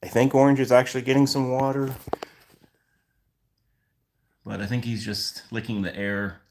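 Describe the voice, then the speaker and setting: A man's voice: medium pitch, level tone, fairly quick, a little mellow. A man hosting a casual livestream, greeting viewers by name and answering chat questions. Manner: reads chat names aloud and greets viewers. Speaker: livestream host.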